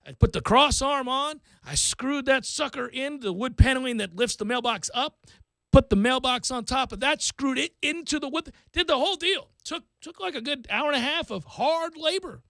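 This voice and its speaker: A man with a very high, bright, forceful voice hosts a talk radio show and spins an animated, self-mocking story. His voice sits dry and close to a studio microphone. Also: normal speed, no echo.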